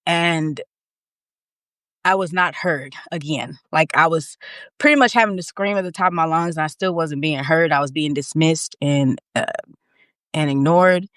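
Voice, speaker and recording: On a live stream, a woman shares a personal story candidly and with emphasis, repeating herself and starting over when her emotions surge. Her tone is fairly bright, there's no room sound, and she's using a phone or webcam mic.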